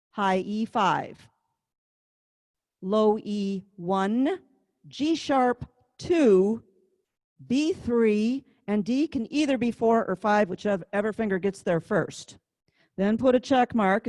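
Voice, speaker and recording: Slow-talking woman music teacher. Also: fairly high pitch, a little mellow, dry recording. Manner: chatty, reads fingering numbers slowly. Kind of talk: online class instruction.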